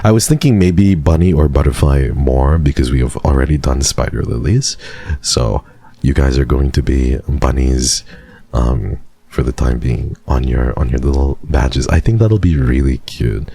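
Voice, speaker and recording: A man's voice: very deep voice, gravelly, mellow, slightly rough. A man in his twenties from Canada, streaming and chatting casually with viewers in a rambling way. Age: 20s. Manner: rambling, chatty, quick restarts. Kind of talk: casual chat with live chat.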